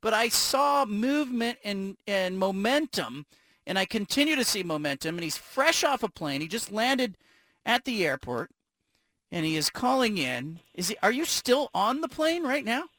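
A man hosting a sports radio show, giving a measured, reflective introduction of a guest. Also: high voice, sing-song, sharp tone.

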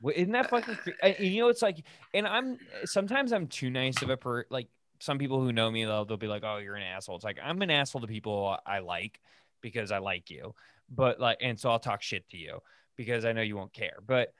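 A man's voice: mid-range voice, a little fast, a bit bright, dry recording, studio quality. A man hosting a casual podcast, telling a long story with lots of fillers and swearing. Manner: rambling, swears often, frequent "like" fillers. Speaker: podcast host.

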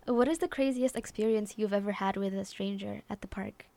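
A woman's voice: medium pitch, a little fast, gravelly, mellow. A woman hosting an interview, reacting briefly and asking her guest questions. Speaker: interviewer, host.

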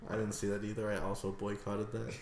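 A man playing a quiz with friends, cracking crude, deadpan jokes. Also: on the low side, fast. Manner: joking, crude, deadpan jabs. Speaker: quiz player. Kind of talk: casual banter. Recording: echoey room with noise.

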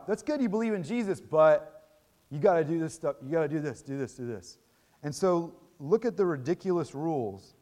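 Brief: middle-aged man, slightly high voice, chatty sermon delivery with restarts. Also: darkish tone. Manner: conversational teaching, frequent restarts and tag questions. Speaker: pastor.

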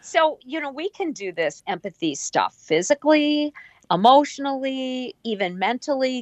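A woman with a fairly high voice tells stories in a lively, animated way, leaning into every twist. She acts out the people she quotes as she goes. The sound is close and dry, with no room around it. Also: dry recording. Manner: animated storyteller who acts out quoted voices and laughs often. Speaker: guest, empathic healer. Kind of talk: casual interview talk.

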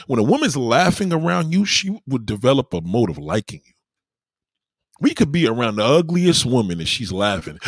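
A man's voice: mid-range voice, huge pitch swings, fairly quick, no room sound, studio quality. A man giving dating advice in a casual, profane monologue full of street slang. He keeps checking in with the listener. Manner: keeps asking "you know what I mean".

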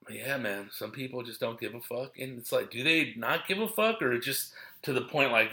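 Gravelly bright-voiced man, loose profane talk. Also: mid-range voice, moderate pace, few pauses. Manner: profane, slangy, acts out quoted people. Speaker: comedian talking about his shows. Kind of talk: casual rambling chat.

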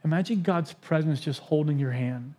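Pastor with a slightly high voice. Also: male voice, normal speed, warm tone. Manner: conversational and personal, joking asides with laughs. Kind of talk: sermon. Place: church sanctuary.

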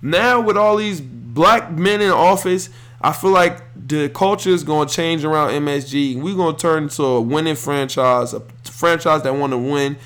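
A man's voice: a little high, moderate pace. A man hosting a sports podcast, talking bluntly and with a lot of energy in casual slang. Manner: animated, streetwise and blunt. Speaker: podcast host.

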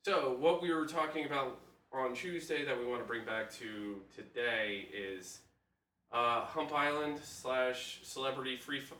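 A man's voice: medium pitch, measured pace, pushed and bright. A man hosting a casual podcast, rambling and self-deprecating, swearing freely. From Wales. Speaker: podcast host.

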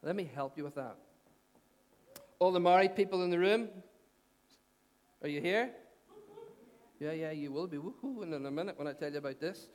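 Male pastor, high voice, chatty sermon full of questions to the room, long hall echo. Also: moderate pace, pauses often, darkish tone. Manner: conversational, repeats phrases, asks the congregation questions. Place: church hall. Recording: long church hall reverb.

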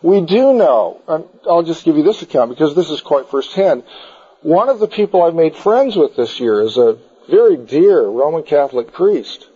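A man's voice: on the high side, sing-song, normal speed, warm tone, husky. A man teaching a group about the Bible in an informal, digressive style, full of anecdotes, in a dull lo-fi recording.

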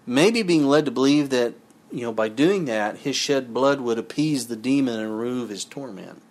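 A man preaching a sermon in a voice of ordinary pitch. He reads passages aloud, then turns to his listeners with conversational comments and questions. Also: animated, normal speed. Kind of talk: sermon with scripture reading.

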